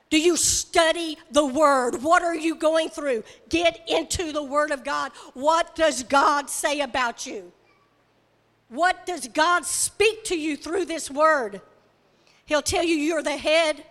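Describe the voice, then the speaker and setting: High-voiced emphatic woman preacher. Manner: emphatic, repetitive, rising to shouts. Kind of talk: sermon. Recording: reverberant hall.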